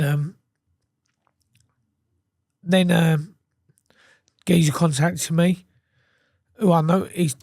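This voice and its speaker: A man's voice: fairly high pitch, no echo, studio quality. A man, a podcast guest telling his story in a blunt, sweary, casual way and acting out other people's lines. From England.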